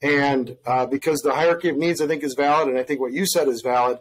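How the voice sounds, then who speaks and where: A man's voice: medium pitch, steady tone, fast, rough recording. A man on a podcast, thinking aloud as he rambles through his experiences with dating. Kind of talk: casual conversation.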